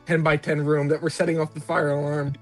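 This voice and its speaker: A man calls in to a live show and tells his story in a measured, deadpan voice. His pitch sits a little high and barely moves, and faint music plays behind him. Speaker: caller. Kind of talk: phoned-in confession story.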